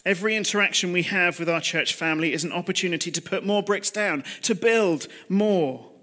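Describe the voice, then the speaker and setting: A man in his thirties gives a sermon over a video call, his voice pitched high. He talks plainly and personally, confessing his own failings and asking his listeners questions. The tone is bright and forward. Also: a little fast. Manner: confessional, conversational preaching with rhetorical questions. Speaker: preacher. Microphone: computer mic on a video call.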